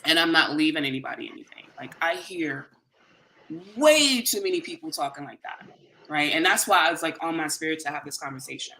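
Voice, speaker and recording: In a brisk, medium-pitched voice with a little hiss or hum, a host tells a long personal story earnestly and conversationally. He's animated and acts out other people's lines in dialogue.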